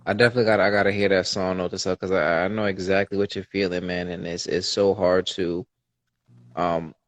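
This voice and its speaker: A man's voice: low voice, flat delivery, fairly quick, no echo. A man talking as a podcast guest in casual conversation, sharing personal stories in an earnest, open way with many fillers.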